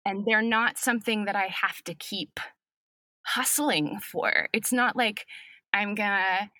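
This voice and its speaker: A woman speaking as an acting professor guest in a reflective podcast conversation, thoughtful and unhurried, with soft laughs. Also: medium pitch, no room sound.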